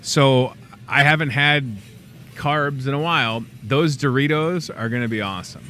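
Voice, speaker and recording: A man's voice: mid-range voice, measured pace, a little hiss or hum. A man hosting a local store show, chatting casually and jokingly while plugging events and deals. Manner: chatty, joking asides, lively promo delivery. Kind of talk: casual local promo chat.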